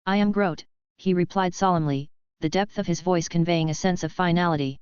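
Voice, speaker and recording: Smooth low-voiced woman narrating a novel. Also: fairly even intonation, fairly quick, darkish tone, dry recording. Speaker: audiobook narrator. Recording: dull, lo-fi dry recording.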